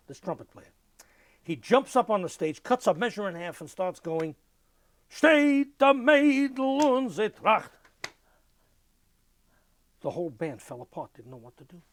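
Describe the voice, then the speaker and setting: An older man giving an oral history interview, telling lively anecdotes and mimicking music with his voice. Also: fairly high pitch.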